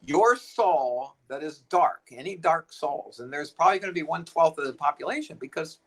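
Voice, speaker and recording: A co-host in a casual spiritual chat, speaking haltingly and repeating words. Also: medium pitch, expressive, low-quality recording.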